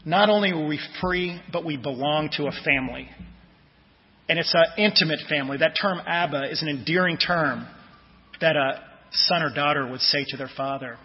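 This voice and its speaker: A man pastor preaching a sermon in a conversational way, telling personal stories and letting his phrases trail off softly. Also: a little high, normal speed. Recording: dull lo-fi audio with long church reverb.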